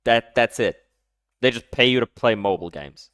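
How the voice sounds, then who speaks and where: Male streamer, casual live reaction, hot-tempered, animated delivery, dry close sound. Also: mid-range voice, normal speed, clean tone, dry recording. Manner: heated, swearing, loud sudden outbursts.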